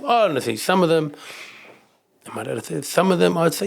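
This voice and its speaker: A middle-aged man with a New Zealand accent, a kickboxing champion telling rambling, animated stories in a casual interview, swearing and acting out other people's voices. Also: fairly high pitch, a little fast, vocal fry. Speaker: kickboxing champion and coach, guest.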